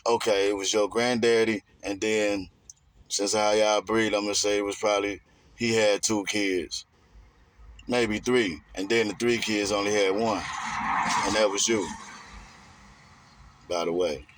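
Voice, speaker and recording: A man's voice: fairly low pitch, fairly even intonation, unhurried, long pauses, slight background noise. A man giving a rambling, emphatic casual monologue in streetwise slang.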